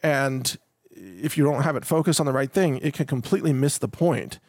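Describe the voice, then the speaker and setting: A man's voice: mid-range voice, moderate pace, a little mellow, no echo, studio quality. A man hosting a solo podcast in a casual, rambling way, often repeating words, restarting sentences and chuckling between points. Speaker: podcast host.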